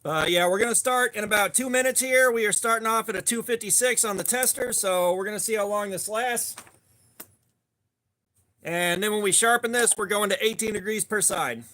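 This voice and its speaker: A man's voice: high-pitched, moderate pace, sharp tone. A man hosting a casual live stream, greeting viewers by name and rambling chattily between topics. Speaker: livestream host.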